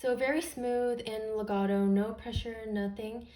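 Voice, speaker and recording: A woman with a slightly high voice teaching beginner music theory. She explains each idea patiently and plainly, step by step, as if guiding students one sign at a time. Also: steady tone, measured pace.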